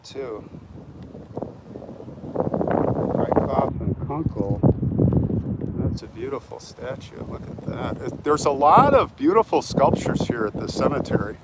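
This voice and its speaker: A man hosts a live stream on his phone while walking outdoors through a sunny cemetery. He talks casually and answers viewer comments as he goes, at a mid-range pitch. The audio picks up clear outdoor wind noise behind him. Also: expressive, slow, pauses often. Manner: talkative, reads viewer comments aloud and answers them. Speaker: vlogger hosting a live stream. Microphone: phone held while walking.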